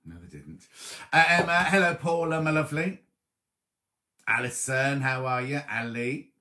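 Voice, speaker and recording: A man hosting a casual live stream from home, chatting warmly and reading out viewers' comments, with a slight cough. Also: medium pitch, animated, moderate pace. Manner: chatty, affectionate, reads viewers' comments aloud. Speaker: livestream host.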